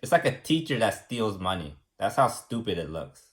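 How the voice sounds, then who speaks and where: A man from the United States explaining government in a casual, rambling way, repeating words and filling pauses with "like" and "um". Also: on the low side, sing-song. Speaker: explainer teaching about government.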